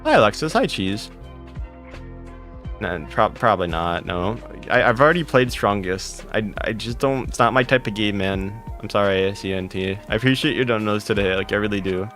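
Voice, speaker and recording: Lower-voiced man greeting his live chat. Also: fairly bright tone, faint music behind. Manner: greets chat viewers by name in a quick, repetitive stream; blunt and sarcastic with chat, laughing it off. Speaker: live streamer. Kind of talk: casual live-stream chat.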